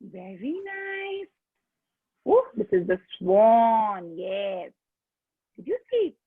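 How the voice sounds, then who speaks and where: A woman's voice: medium pitch, huge pitch swings, slow, slightly rough, no room sound. A woman teaching a preschool class online, coaxing the children with constant simple questions. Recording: tinny phone-like call audio.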